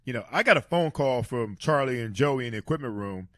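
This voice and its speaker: A man's voice: mid-range voice, dry recording, studio quality. A man hosting a podcast in casual chat, swearing freely. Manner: quick, lively, swears freely.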